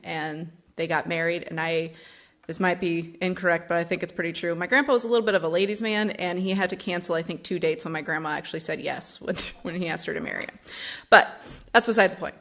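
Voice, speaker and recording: A young woman giving a personal testimony and reading scripture at a church service, in an earnest, gently conversational way. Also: fairly low pitch, steady tone, quick pace. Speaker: church member giving a talk.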